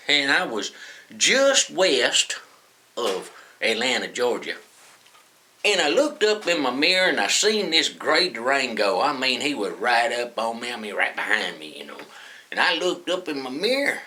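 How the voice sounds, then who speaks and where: A man's voice: medium pitch, very animated, moderate pace, bright, forceful tone. A man telling a folksy story to the camera, chuckling as he goes. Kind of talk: casual anecdote told to camera.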